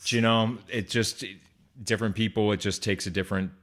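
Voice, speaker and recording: A man's voice: on the low side, steady tone, brisk, fairly bright tone. A man hosting a casual interview, talking in an emphatic, blunt way, swearing freely as he shares his own story. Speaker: host.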